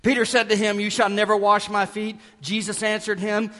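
A man preaching a sermon as pastor, emphatic and dramatic, dropping to hushed asides and rising again. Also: high voice, completely flat delivery, moderate pace, long reverb tail.

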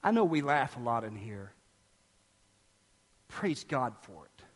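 A man preaching a sermon as pastor, animated, swinging between loud outbursts and hushed, quiet lines. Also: mid-range voice, slow, big-room sound. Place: church.

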